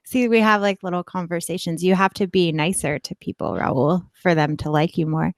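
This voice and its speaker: On a comedy podcast, a young woman guest rambles through a story casually, chatty, full of "like," and heavy with upspeak. Her voice is fairly low in pitch at a moderate pace, recorded in studio quality with no echo.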